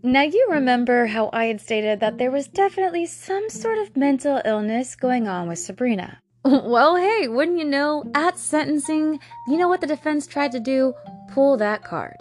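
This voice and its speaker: A woman in her thirties with a fairly high, very lively voice hosts a true-crime show. She talks in a casual, profane way, sarcastic and exasperated, and faint music plays underneath her. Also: moderate pace. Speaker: podcast host.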